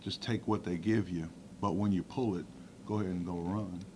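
A man's voice: sits low, normal speed, slight background noise. A middle-aged man, a football coordinator, answering reporters plainly, with many fillers. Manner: relaxed, plainspoken, with frequent fillers. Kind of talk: press conference answers. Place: press conference room.

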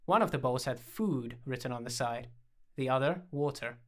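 A man reading a first-person comic story aloud in a dry, deadpan manner, acting out the dialogue. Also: medium pitch, normal speed.

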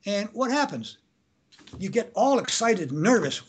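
A man's voice: high-pitched, big pitch swings, slightly rough. A man, a family lawyer, answering interview questions casually and acting out examples, often restarting his sentences. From Canada. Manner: acts out shouted examples, halting restarts.

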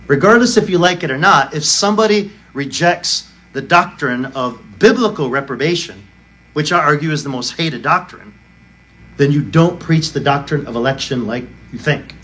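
Pastor guy preaching hard, kinda high voice for a man, lots of rhetorical questions, argues every point. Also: normal speed, a bit bright. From United States. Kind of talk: sermon.

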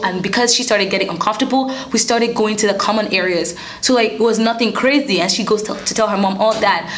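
A young woman vlogger telling a story in an animated, indignant way, with casual slang. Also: mid-range voice. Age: young adult. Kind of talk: storytime vlog.

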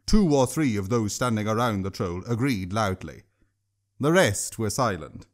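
A man narrating his own audiobook story in a steady storytelling manner. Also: lowish voice, normal speed. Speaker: author and narrator.

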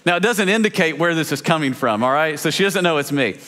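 A man preaching a sermon as a pastor, telling a family story in a chatty, lively way with many fillers and restarts. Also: a little high, fast. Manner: lively storyteller, laughs along.

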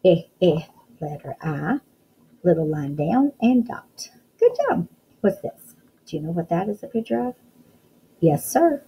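Woman teacher, unhurried delivery, encouraging phonics lesson for young kids, sounds out letters. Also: lowish voice, big pitch swings, mellow, slightly rough, low-quality recording.

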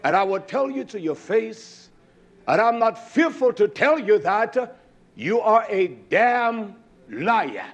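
A male preacher delivering a fiery sermon, swinging between low drawn-out phrases and shouted lines. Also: big pitch swings. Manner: chants and sings repeated words.

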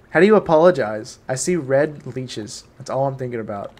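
A man's voice: on the high side, normal speed. A young man streaming a game live, commenting casually, reading chat and yelping when things go wrong. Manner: excitable, talks to the game creatures, yelps when startled.

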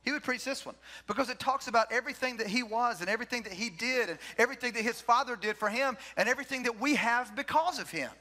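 A man's voice: very high voice, fast talker, hardly any pauses, pushed and bright. A man preaching a sermon to a church congregation, emphatic and repetitive, leading the room in reciting phrases. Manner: emphatic, repeats key phrases, leads the congregation in call-and-response. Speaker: pastor. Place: church sanctuary.

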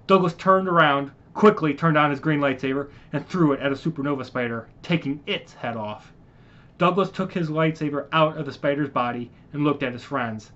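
Man reading his sci-fi story aloud, halting, self-correcting, slightly high voice, muffled lo-fi audio. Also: a bit bright. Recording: muffled lo-fi recording.

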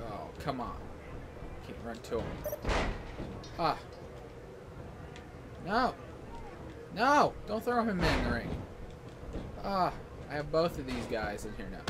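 Male gaming host doing live commentary, slow delivery, loud outbursts, noisy backdrop. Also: a little high. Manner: yelling excitedly at the game, frustrated outbursts.

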